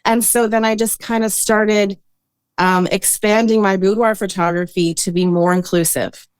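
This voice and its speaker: A woman who works as a boudoir photographer, guest on a podcast, talking in an earnest, reflective way with frequent pauses and hesitations. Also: medium pitch, fairly even intonation, clean tone, dry recording. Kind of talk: casual interview talk.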